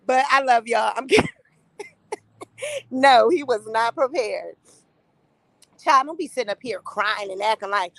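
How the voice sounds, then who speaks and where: Blunt high-voiced woman vlogging. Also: expressive, measured pace, creaky, pauses often, fairly bright tone, dry recording, poor audio. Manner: blunt, laughing, mocking asides. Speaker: channel host. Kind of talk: casual commentary vlog. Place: in a car, traveling.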